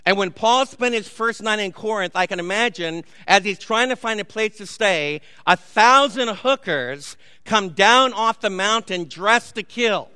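A man's voice: high voice, animated, a little slow, hardly any pauses, sharp tone, clear, resonant tone, dry recording, long reverb tail. A man, a pastor preaching a sermon in a church, telling stories conversationally with asides to the congregation. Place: church sanctuary.

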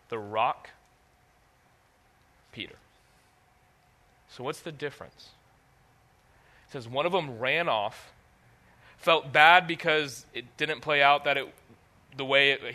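A man preaching a sermon, reading scripture aloud and asking the audience questions in an animated way. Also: mid-range voice.

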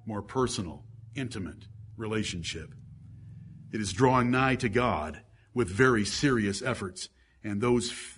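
A middle-aged man preaching a sermon, pressing his listeners with fervent pleading that builds to loud climaxes. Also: mid-range voice, slightly rough. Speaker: pastor.

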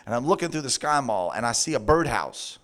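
A man preaching a sermon through a funny personal story, laughing often and acting out his own words in a high sing-song voice. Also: big pitch swings, a little fast, a bit bright.

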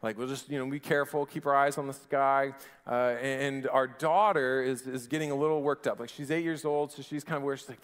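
A man in his thirties preaching a sermon in a relaxed, conversational way, often restarting his phrases and dropping in fillers. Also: medium pitch, brisk, big-room sound. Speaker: pastor.

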